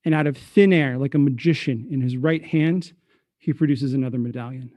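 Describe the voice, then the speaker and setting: A man narrating as game master for a tabletop game, relaxed and a little hesitant. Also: mid-range voice, a little fast, no room sound.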